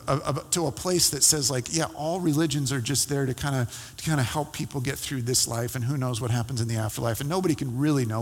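Pastor preaching in a reverberant hall. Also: male voice, medium pitch. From California. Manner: conversational, halting with many fillers and restarts. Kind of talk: sermon with personal story.

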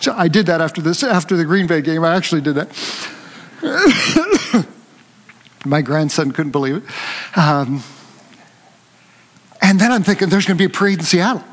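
An older man preaching a conversational sermon, telling a lively story and joking with his congregation. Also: on the high side, moderate pace, pauses often, long reverb tail. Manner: animated storytelling, jokes with the congregation.

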